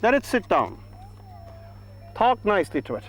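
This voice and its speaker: Irish painting teacher, man, high-pitched, soft coaxing delivery, outdoors. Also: wildly swooping pitch, moderate pace, rough recording. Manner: gentle, coaxing, talks to the paint. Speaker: painting instructor. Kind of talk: painting demonstration. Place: outdoors by a lake.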